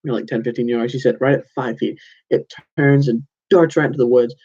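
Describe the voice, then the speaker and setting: A man's voice: medium pitch, steady tone, brisk, darkish tone, husky, muffled recording. A young man in his twenties hosting a casual solo podcast, rambling through stories with lots of "like"s and self-corrections. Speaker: podcast host.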